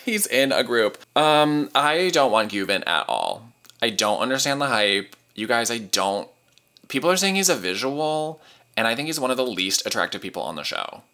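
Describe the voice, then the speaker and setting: Man, podcast host, casual fan chat, lively swooping voice, bright tone, lowish pitch. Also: normal speed. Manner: gushing, animated fan talk with many "like"s.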